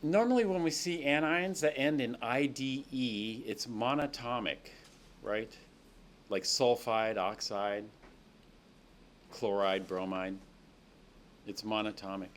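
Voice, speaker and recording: A male chemistry lecturer teaches a class in a lecture classroom, explaining reactions step by step and checking in with students. His mid-range voice is slow-paced with long pauses, and there's slight background noise.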